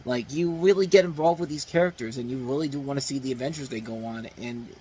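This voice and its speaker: Husky guy doing a loose movie review, lots of uh and you know, rambly. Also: medium pitch, quick pace, rough recording. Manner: rambling, many fillers and restarts, animated emphasis. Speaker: movie review show host. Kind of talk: casual spoken movie review.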